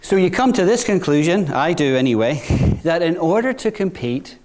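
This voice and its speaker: A man's voice: on the high side, lively intonation, moderate pace, few pauses. Conversational middle-aged man giving a talk. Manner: conversational, asks "right?" often, drops to a quiet voice for stories. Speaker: bank executive speaking to graduates. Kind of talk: business talk with storytelling.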